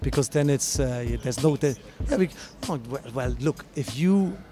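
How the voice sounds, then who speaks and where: Explaining his judging at length in an interview, a breakdance judge talks at normal speed in a mid-range voice with lively intonation. He's at a dance event, and his answer is packed with fillers and restarts.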